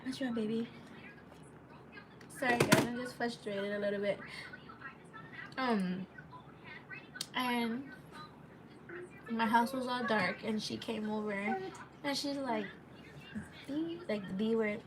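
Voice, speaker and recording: This live-stream vlogger speaks slowly in a slightly high voice, leaving long pauses. Broadcasting from home on a phone, she wanders through a personal story for her viewers, casual and full of fillers and restarts, over noisy home audio.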